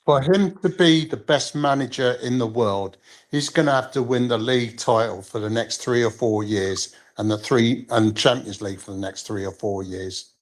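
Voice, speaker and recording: A man speaking measured and halting in a football call-in, often restarting his sentences. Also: medium pitch. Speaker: call-in panelist.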